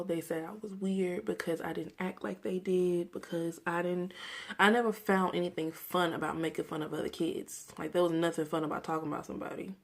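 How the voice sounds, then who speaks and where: This woman's fairly low voice is creaky but has a fairly bright tone. In her twenties and from Mississippi, she records a personal vlog rant to camera, earnestly reflecting and sharing memories candidly.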